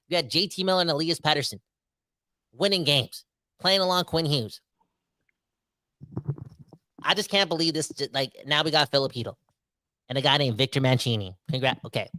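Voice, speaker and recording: A man in his thirties co-hosting a sports podcast, given to excitable, exaggerated ranting. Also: a little high, dry recording. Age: 30s. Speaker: podcast co-host. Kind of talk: emotional sports podcast chat.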